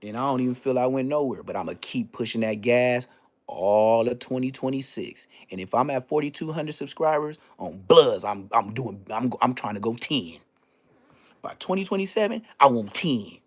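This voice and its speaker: A man hosting his own live stream, telling a story in a loose, profane way and jumping into high-pitched exclamations. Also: lively intonation, moderate pace. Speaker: livestream host.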